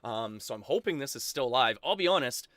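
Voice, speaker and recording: A Canadian man giving live commentary on his own gameplay, excitable and quick to laugh, shouting at big plays. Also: mid-range voice, dry recording. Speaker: streamer. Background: game music.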